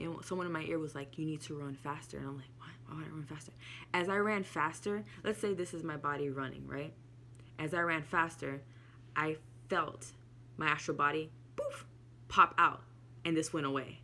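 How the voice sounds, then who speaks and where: A woman with a low, gravelly voice tells a personal story straight to camera. Her manner is candid and emotional, and she swears freely. A faint hum sits behind her voice. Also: pushed and bright. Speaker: spiritual vlogger. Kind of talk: casual storytelling monologue.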